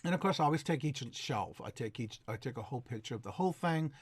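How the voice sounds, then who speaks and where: A man's voice: mid-range voice, animated, fast, breathy edge, no room sound. A man giving a rambling, casual voice-over about his antique booth, full of fillers and restarts. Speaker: antique reseller and vlogger.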